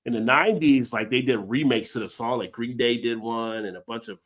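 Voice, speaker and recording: A man's voice: mid-range voice, a little fast. An American man hosting a casual live-stream chat over beers, rambling and laughing often. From United States. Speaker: host.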